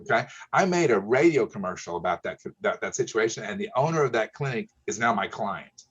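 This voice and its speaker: A man's voice: on the low side, expressive, brisk, fairly bright tone, breathy edge, muffled recording. A man, an insurance broker telling client stories in a folksy, emphatic way, often checking in with "okay?". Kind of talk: casual storytelling.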